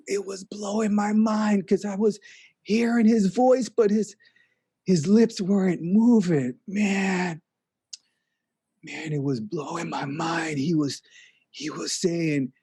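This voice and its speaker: A man's voice: sits high, fairly even intonation, mellow, breathy edge. A man telling a comedic story in a spaced-out, rambling way, drawing out "man" and restarting his sentences. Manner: dreamy and rambling, drawn-out "man" and trailing restarts.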